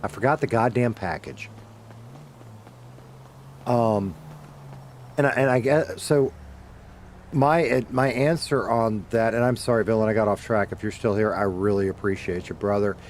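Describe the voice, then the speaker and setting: A man's voice: lowish voice, moderate pace, long pauses, darkish tone, a little hiss or hum. A middle-aged man streaming a game from home, chatting casually with viewers, rambling and swearing as he corrects himself. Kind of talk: casual chat while gaming.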